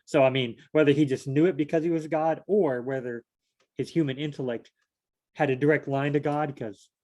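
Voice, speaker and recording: A man's voice: fairly high pitch, steady tone, moderate pace, warm tone. A man leading a casual Bible study, rambling and asking himself questions as he reads. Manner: rambling, thinks aloud and asks himself questions; repeats phrases, many fillers.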